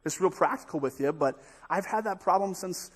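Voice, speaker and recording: High, husky-voiced American pastor preaching. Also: male voice, a little fast. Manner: energetic, jokey, acts out voices. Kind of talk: sermon. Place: church sanctuary.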